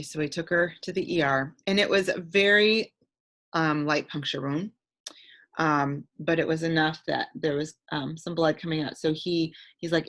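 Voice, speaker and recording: A middle-aged woman from the Midwest, speaking in a low register as she shares a personal story on a community call. She rambles, fills pauses with ums, and gets emotional as she goes. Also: fairly bright tone. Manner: emotional, rambling with many fillers.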